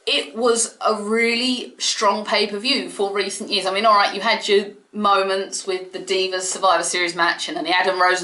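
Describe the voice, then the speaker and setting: A woman giving an excitable, chatty solo review of a wrestling show from her home. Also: mid-range voice, reverberant. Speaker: wrestling vlogger. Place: home room.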